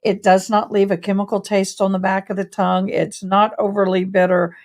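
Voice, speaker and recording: A woman's voice: medium pitch, little pitch movement, a little fast. Chatty woman hosting a livestream. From Tennessee. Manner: chatty, drawls "y'all". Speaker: true crime livestream host. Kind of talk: casual livestream chat.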